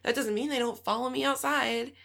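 A woman's voice: fairly high pitch, fairly even intonation, a little fast, gravelly, a bit bright. A woman host and fellow mother, talking frankly and reflectively in a casual chat, laughing easily.

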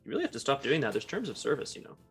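A man's voice: medium pitch, wildly swooping pitch, very fast, fairly bright tone, soft background music. A man playing in a tabletop game, joking and swearing casually with his friends. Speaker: player.

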